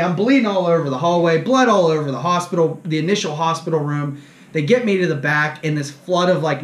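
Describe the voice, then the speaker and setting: In an echoey room, a man with a fairly high voice hosts a fishing show. He tells an animated, casual story that pokes fun at himself, acting out the dialogue by quoting it.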